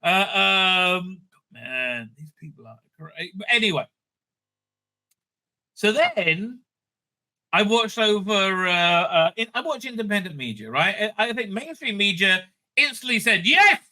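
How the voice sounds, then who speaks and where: Tense, sharp-voiced man ranting profanely. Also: sits high, a little slow. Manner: profane, rambling, animated rant with many restarts. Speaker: rabbi and online commentator. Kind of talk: rambling casual commentary.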